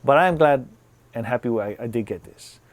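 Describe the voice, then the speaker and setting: A man's voice: medium pitch, a little fast, dry recording. A man casually chatting to his viewers as a vlogger, rambling and restarting his sentences. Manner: rambling, repeats and restarts words, says "like" often. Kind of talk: casual product review chat.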